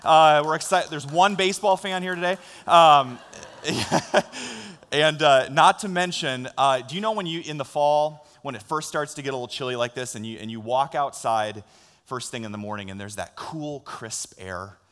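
A man preaching a sermon as pastor, conversational and building to excitement. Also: fairly high pitch, moderate pace. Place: church sanctuary. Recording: long hall reverb.

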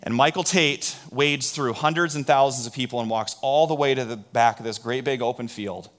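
Bright-voiced male pastor preaching. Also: medium pitch, moderate pace. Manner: storytelling, animated, drawing in the congregation. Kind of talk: sermon.

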